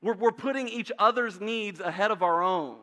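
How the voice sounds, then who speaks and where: Man, 30s, pastor, conversational sermon, high pitched, bright tone. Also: moderate pace. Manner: conversational, uses asides and rhetorical questions. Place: church sanctuary.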